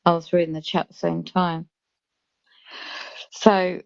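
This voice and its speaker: A British woman on a live stream, chatting casually and reading out chat comments in a slow, drawn-out way. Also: fairly low pitch, little pitch movement, creaky, no room sound. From Britain. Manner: reads chat comments aloud slowly. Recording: dull lo-fi live stream audio.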